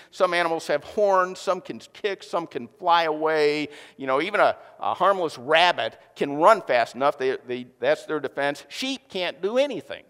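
A man's voice: on the high side, smooth. A man preaching with a slightly raised voice, mixing jokes and earnest warnings as he talks to his congregation. His words ring out with a long hall reverb, as in a church sanctuary. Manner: joking, lively preaching with audience asides. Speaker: pastor. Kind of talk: sermon.

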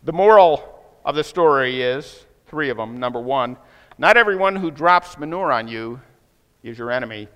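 A male pastor preaching a sermon, telling a story and acting out the voices of people in it with rising excitement. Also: mid-range voice, moderate pace, clear, resonant tone, long reverb tail.

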